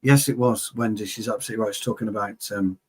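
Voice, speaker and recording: A man's voice: fairly low pitch, steady tone, quick pace, husky. A man co-hosting a football show in casual chat, boisterous and joking, swearing freely.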